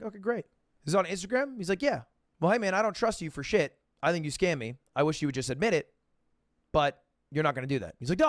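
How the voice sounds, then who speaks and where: A young man telling a story in a lively, swooping voice that climbs fairly high when he acts out the other people. He swears freely and switches between voices in the phone calls he recounts. The sound is close and dry, with no room around it. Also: no room sound. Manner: animated, profane, acts out both sides of phone calls. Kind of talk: casual storytelling monologue.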